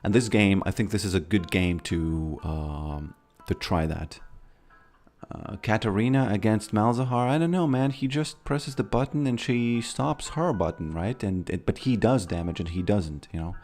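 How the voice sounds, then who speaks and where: A man's voice: lowish voice, normal speed, a little mellow, soft background music. A man streaming a video game, chatting casually in a rambling way, often stammering and repeating his words. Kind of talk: casual gameplay commentary.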